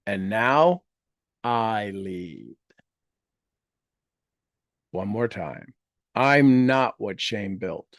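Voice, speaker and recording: Guy leading a slow guided meditation, gentle, repeats each line softly, dry close sound. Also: medium pitch, dry recording. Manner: slow, gentle, repeats each affirmation in trailing soft phrases. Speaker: meditation leader. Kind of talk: guided meditation with spoken affirmations.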